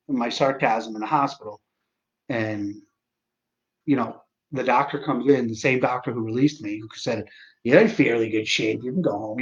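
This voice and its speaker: A man in his forties chatting on a livestream, sarcastic and profane, halting often with fillers. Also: medium pitch, dull audio. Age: 40s. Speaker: livestream host. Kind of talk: casual livestream chat.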